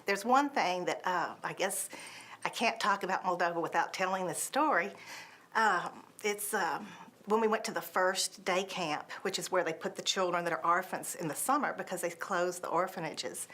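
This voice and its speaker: A woman's voice: lowish voice, normal speed. Woman telling a heartfelt mission story. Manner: warm storyteller, acts out voices in quotes. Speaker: mission trip member. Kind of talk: personal storytelling testimony.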